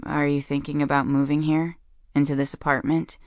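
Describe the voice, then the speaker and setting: A woman's voice: low voice, flat delivery, normal speed, a little mellow, no echo, clean studio sound, natural voice. A woman voicing a guarded young adult man who speaks tersely with a growl. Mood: wary. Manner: gruff, terse.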